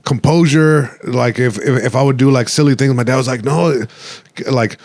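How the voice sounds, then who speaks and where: A man's voice: medium pitch, moderate pace, darkish tone, no room sound. A man hosting a podcast, talking reflectively in casual chat with many fillers and restarts, slipping into Spanish phrases. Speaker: podcast host.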